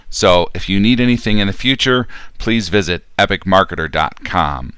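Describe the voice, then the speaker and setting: A man's voice: low-pitched, lively intonation, moderate pace, a bit bright, smooth. A man hosting a solo marketing podcast, giving upbeat, direct advice with emphasis. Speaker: podcast host.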